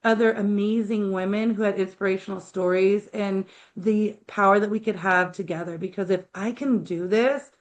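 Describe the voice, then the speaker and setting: A woman's voice: mid-range voice, fairly even intonation, moderate pace, hardly any pauses. A woman guest on an interview podcast, telling her story in an emphatic, emotional and heartfelt way. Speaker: guest, accountant and author. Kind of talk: casual interview chat.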